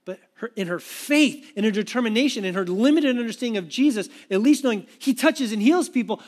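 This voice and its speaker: A man preaching a sermon with animated, conversational storytelling. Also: sits high, fairly quick, hardly any pauses. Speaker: pastor.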